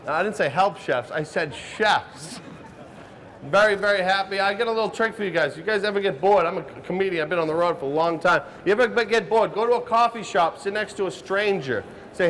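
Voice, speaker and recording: A man whose voice sits high, fast and fairly bright does live stand-up and hosts a cooking show before a crowded outdoor audience. He teases them brashly between jokes, and the recording picks up crowd and hall noise.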